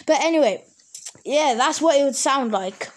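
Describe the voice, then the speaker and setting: A woman's voice: high voice, expressive, normal speed. A woman hosting her own podcast, chatting casually and rambling, often stopping to correct herself. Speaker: podcast host. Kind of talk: casual solo podcast chat.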